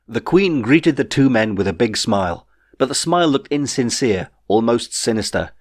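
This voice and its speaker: A man narrating his own novel in a wry, measured storytelling way. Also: mid-range voice, expressive, dry recording, clean studio sound. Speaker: author reading his novel. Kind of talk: audiobook narration.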